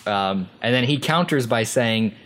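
Brief: casual male podcast co-host, mid-pitch, giggly, hesitant retelling. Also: expressive, unhurried, fairly bright tone. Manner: laughs often, hesitant with many ums and likes. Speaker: podcast co-host recapping a video. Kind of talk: casual chat.

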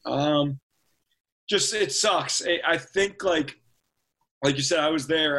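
A man's voice: fairly high pitch, a bit bright. A man talking casually as a podcast co-host, rambling with lots of fillers and restarts. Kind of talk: casual sports chat.

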